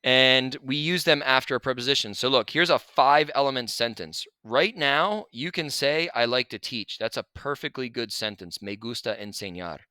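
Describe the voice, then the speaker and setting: Male teacher, casual lesson voice-over, crisp, bright, dry sound. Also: mid-range voice, moderate pace, hardly any pauses, no echo. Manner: relaxed, chatty explaining with asides. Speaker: Spanish teacher. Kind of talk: recorded lesson over slides.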